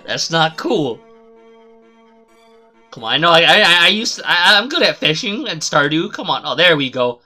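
A man streaming a game live, chatting casually and swearing a lot, rambling and then shouting suddenly at the game. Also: fairly high pitch, very animated, unhurried, pauses often, soft background music. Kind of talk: casual live gameplay commentary.

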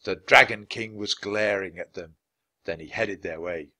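A man narrating a children's storybook aloud, expressive and switching voices for each character. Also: low voice, unhurried. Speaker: audiobook reader.

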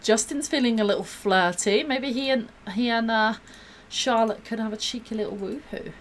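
A woman's voice: a little high, moderate pace, slight background noise. A woman gives bubbly, gushing live-stream commentary while she plays a game, gasping and laughing often.

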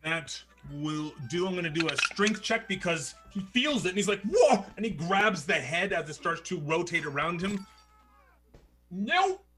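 Male game master, high bright voice, lively theatrical narration. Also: normal speed, hardly any pauses, soft background music.

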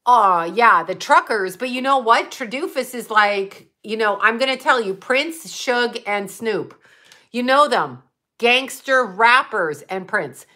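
A woman from the Buffalo area in the US hosts a casual livestream, rambling and swearing as she reads chat comments aloud and answers them. Her voice has a fairly high pitch, lively intonation, and a sharp tone, and she speaks at a slow pace.

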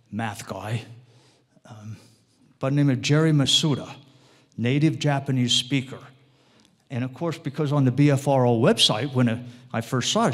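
A man's voice: medium pitch, fairly bright tone, slightly rough. A man giving an informal, rambling lecture to a live audience, often checking in with tag questions and wandering off into side topics. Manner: rambling, digressive delivery with restarts.

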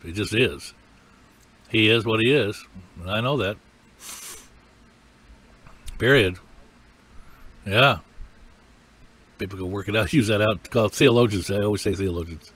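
A man's voice: on the low side, a little slow, long pauses, a bit bright, husky. An older man teaching a sermon in a folksy, emphatic way. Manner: folksy, emphatic, acts out cries and quotes. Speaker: preacher.

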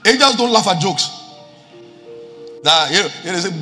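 A man's voice: high voice, very animated, brisk, long pauses, bright, forceful tone. A man preaching a sermon as pastor, quoting scripture and repeating key lines for emphasis. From Nigeria. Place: church hall with live congregation. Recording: reverberant church hall with music.

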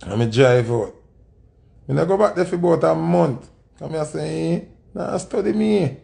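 A man's voice: a little high, moderate pace, vocal fry, warm tone. A man with a Jamaican accent telling a rambling anecdote in a casual way. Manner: rambling patois anecdote with quoted voices. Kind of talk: casual storytelling.

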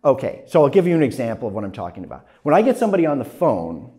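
A man teaching a class, lecturing in an animated way, often tagging his points with "right?". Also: mid-range voice, rapid-fire. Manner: animated, frequent "right?" tags, acts out phone calls. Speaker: journalism instructor.

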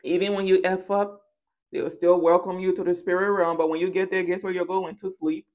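A woman's voice: fairly low pitch, little pitch movement, brisk, a little mellow. A woman doing a casual tarot reading for her viewers, talking in a playful, sassy and theatrical way, with singsong rhymes and acted-out bits. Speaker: tarot reader.

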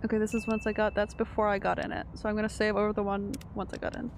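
A woman's voice: medium pitch, monotone, fast talker, noisy background. A woman streaming a video game, chatting casually, laughing often and answering her chat. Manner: chatty, giggly, reads chat aloud.

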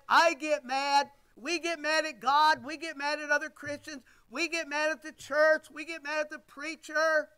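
A man's voice: very high-pitched, pushed and bright. A man preaching a sermon as pastor, emphatic and rhetorical, repeating his phrases.

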